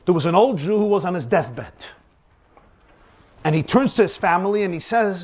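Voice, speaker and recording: A man teaches as a rabbi in a lecture on faith, acting out anecdotes and posing rhetorical questions with dramatic emphasis. His voice sits high and sounds animated, with a darkish tone, at a normal speed.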